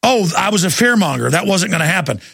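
A man's voice: high voice, big pitch swings, fast talker, vocal fry, fairly bright tone, slightly rough, dry recording. A man hosting a talk radio show, ranting sarcastically and with emphasis.

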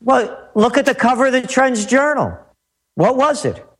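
Brief: high-voiced, animated male pundit, emphatic, repetitive, full of rhetorical questions. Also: moderate pace, slight background noise. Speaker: guest commentator. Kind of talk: heated political talk.

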